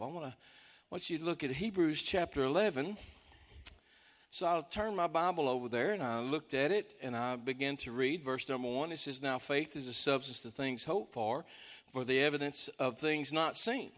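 A man from East Texas with an East Texas accent, preaching a testimony sermon as a singing preacher, telling a story and breaking into shouts of praise. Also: medium pitch, moderate pace.

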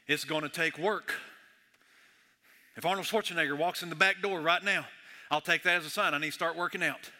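A man preaching a sermon in a church, conversational and joking, swinging between hushed and loud. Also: on the high side, steady tone, brisk, long pauses. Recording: echoey hall reverb.

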